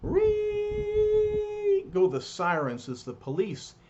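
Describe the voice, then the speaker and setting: A man reading a comic book aloud in an animated, chatty way with little asides. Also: mid-range voice, measured pace, dull audio. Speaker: storyteller.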